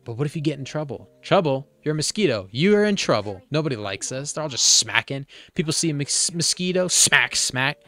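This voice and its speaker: Guy doing a loud slangy mosquito dude, brash, shouty, higher than his normal voice. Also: very animated, brisk, hardly any pauses. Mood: boastful.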